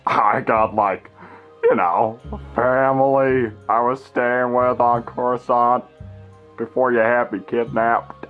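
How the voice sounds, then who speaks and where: A man's voice: medium pitch, little pitch movement, takes it slowly, phone-quality sound, faint music behind, lightly acted. Young man doing a rambling, awkward teen Jedi. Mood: hesitant. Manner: hesitant and rambling, full of fillers. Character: awkward, whiny teenage boy Jedi.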